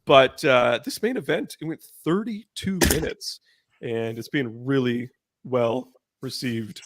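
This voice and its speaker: A man with a mid-range voice hosts a casual podcast, speaking slowly over very heavy noise. He chats loosely, full of fillers and restarts.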